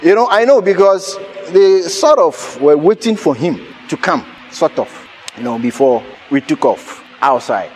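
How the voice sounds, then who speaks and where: A high-pitched male pastor delivers an animated sermon, breaking into laughter and bursts of shouting as he tells his story. A faint hiss of noise sits under his voice. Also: measured pace.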